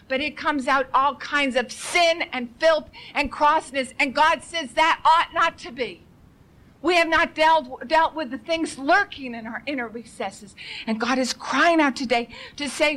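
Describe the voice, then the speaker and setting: Fervent high-voiced woman preaching. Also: bright, forceful tone, rough recording. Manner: urgent, fervent, rhetorical questions; repetitive, pleading emphasis. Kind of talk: impassioned sermon.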